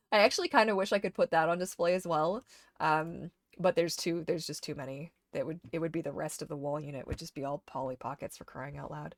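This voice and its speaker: A woman streamer casually chatting to herself while sorting items in a game, getting animated when something excites her. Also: sits low, fairly quick, no room sound, clean studio sound. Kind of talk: casual gameplay chat.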